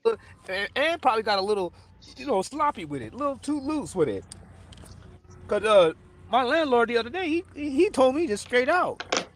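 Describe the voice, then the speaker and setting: A man's voice: extremely high pitch, fairly quick. A man, telling stories in a casual podcast chat and acting out the people he quotes. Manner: animated storytelling, acts out quoted people, laughs often. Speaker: podcast co-host.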